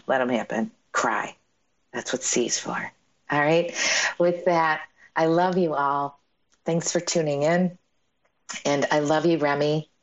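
A middle-aged woman with a low-pitched voice hosts a motivational radio show. She speaks in an upbeat, emphatic way, urging listeners on with warm encouragement.

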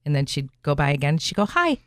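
Racing along in a completely flat delivery, this low-voiced middle-aged woman hosts a radio show, chatting and telling stories full of fillers in a casual interview. The studio sound is clean, with no room sound at all.

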